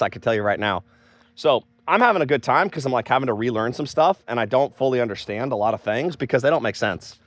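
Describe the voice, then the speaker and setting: A man's voice: lowish voice, dry recording. An American man vlogging his opinions in a rambling way, losing his train of thought and turning heated and scolding. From United States.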